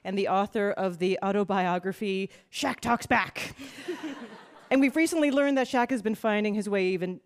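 A woman's voice: medium pitch, normal speed. A woman hosting a quiz show before a live audience, playful and laughing at her own puns. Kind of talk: upbeat game show hosting.

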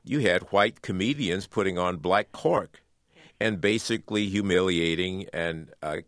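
A man with a fairly low voice speaks in an earnest radio interview, circling back and repeating words as he builds his argument. The sound is close and dry, with no room around it. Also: unhurried, a bit bright, no echo. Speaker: author and guest.

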